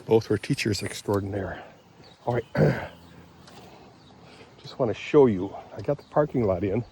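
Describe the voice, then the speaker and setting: An older man from Michigan rambling in a casual vlog while walking around his property outdoors, often clearing his throat and drifting into asides. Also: on the low side, expressive, measured pace, dark tone, slight background noise. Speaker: vlogger.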